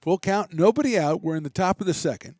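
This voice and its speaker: A man's voice: high-pitched, quick pace, no echo, clean studio sound. Chatty man calling college baseball. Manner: relaxed, chatty, self-deprecating asides. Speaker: play-by-play announcer. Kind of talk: baseball play-by-play commentary.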